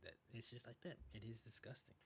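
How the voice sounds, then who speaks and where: A young man hosting a podcast in a casual monologue, animated and rambling, acting out quotes as he goes. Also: mid-range voice, fast talker, creaky, slight background noise. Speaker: podcast host.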